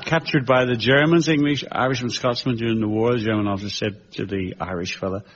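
A man's voice: mid-range voice, fairly even intonation, fast talker, dull audio, noisy background. A man on a comedy panel delivering dry one-liner jokes.

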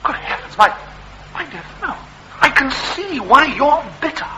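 A pompous, posh political candidate, fussy and quick to take offence, with a very high, piercing voice. There is a faint hiss behind him. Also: male voice, very animated, sharp tone, heavily acted, poor audio. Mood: shocked. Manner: pompous, easily outraged, stammers when flustered. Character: pompous upper-class male parliamentary candidate. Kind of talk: comedy sketch acting.

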